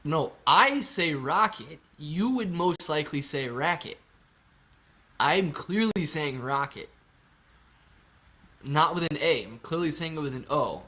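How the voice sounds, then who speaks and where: Young guy streaming, bright voice kinda high, joking around reading chat. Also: expressive, unhurried, long pauses. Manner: joking, reads viewer chat aloud. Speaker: livestream host. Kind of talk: casual live stream chat.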